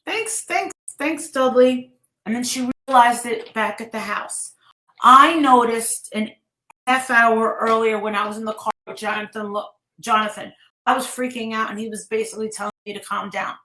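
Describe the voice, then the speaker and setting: Woman, high voice, emotional rambling livestream storyteller, echoey room. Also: steady tone, pushed and bright. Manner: emotional, rushed, breaks off to scold her chat. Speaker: vlogger retelling a story.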